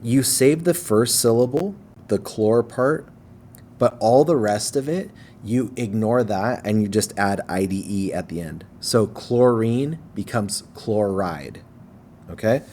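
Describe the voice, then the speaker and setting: A man teaching a recorded chemistry lesson in a relaxed way, checking in with "okay?" often and slowing down to stress syllables. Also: fairly low pitch, slight background noise.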